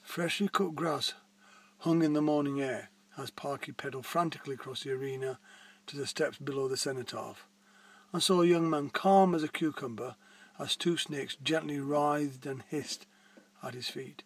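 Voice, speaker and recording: A man reading his own book aloud in a plain, unhurried way. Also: mid-range voice, husky. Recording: distant mic.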